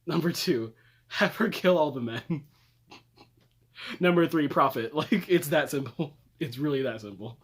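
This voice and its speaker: Young guy doing a goofy fan rant, voice bouncing all over, lots of cussing and laughs. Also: slightly rough. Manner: animated, swearing, laughing, dramatic jumps up in pitch. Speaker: video creator reviewing characters. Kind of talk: comedic casual rant.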